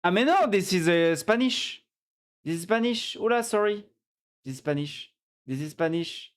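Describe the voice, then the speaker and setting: A man from France with a French accent, streaming and chatting casually in English, playful and quick to laugh, often trailing off and restarting. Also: high voice, animated, clean tone. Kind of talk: casual live-stream chat.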